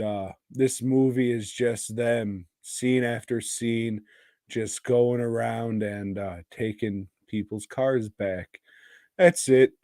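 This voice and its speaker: Slow, crude-talking male podcaster. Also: on the low side, a little mellow, no echo, clean studio sound. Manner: crude, profane, rambling. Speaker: podcast co-host. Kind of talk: casual podcast chat.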